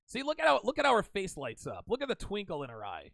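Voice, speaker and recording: A man's voice: high voice, huge pitch swings, fast, gravelly, a bit bright, no echo. A man hosting a reaction commentary show, talking back at a clip in a mocking tone.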